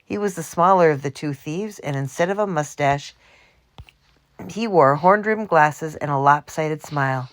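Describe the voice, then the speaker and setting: A woman narrating a children's storybook in a steady, even reading voice. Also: low voice, measured pace. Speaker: audiobook reader.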